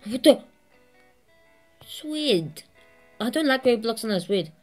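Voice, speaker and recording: A slightly high-voiced woman hosts a gaming channel, speaking slowly through eager let's-play commentary. She curses constantly, laughs at herself, and faint music sits in the background.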